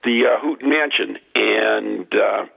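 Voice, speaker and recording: A man with a gravelly, husky voice tells a ghost story slowly and hesitantly, filling his pauses with ums and uhs. He comes through a thin, tinny phone line. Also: fairly low pitch. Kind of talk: casual chat telling a ghost story.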